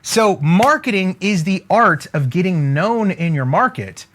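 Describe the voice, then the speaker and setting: Expressive and high, his slightly bright voice keeps a measured pace. The man teaches business motivational-coach style, pressing his points, repeating signature phrases, and checking in with "okay?" often as he marks up a board.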